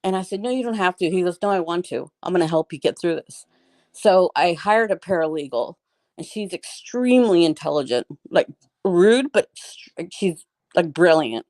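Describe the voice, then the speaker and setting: A woman's voice: on the low side, expressive, moderate pace, a little mellow, no echo. A middle-aged woman telling a story as an interview guest, in a rambling, casual way full of "like" and restarts.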